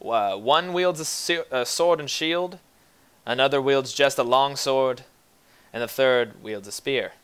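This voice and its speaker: Bright-voiced male game master. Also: mid-range voice, a little slow, smooth. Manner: casual, rambling narration with fillers and laughs. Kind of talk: narrating a tabletop game over voice chat.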